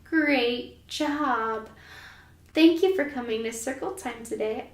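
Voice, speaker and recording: Slow, high-voiced teacher in an echoey room. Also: female voice. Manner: slow, sing-song, encouraging. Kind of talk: children's phonics lesson. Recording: echoey room, mic at a distance.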